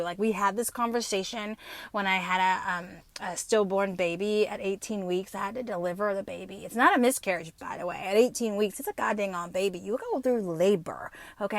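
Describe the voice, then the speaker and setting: A woman's voice: medium pitch, fairly bright tone, dry recording. A woman in her fifties, hosting her podcast and telling a personal story in a blunt, profane way with many fillers. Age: 50s. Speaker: podcast host.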